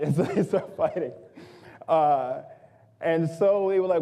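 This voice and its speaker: A young man tells funny stories about himself to a crowd, his voice a little high and soft-edged. He is lively and self-mocking, and slips into the voices of the people he quotes. The sound rings out with a long reverb from a large hall. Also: a little slow, pauses often. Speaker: guest speaker. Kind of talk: humorous storytelling talk.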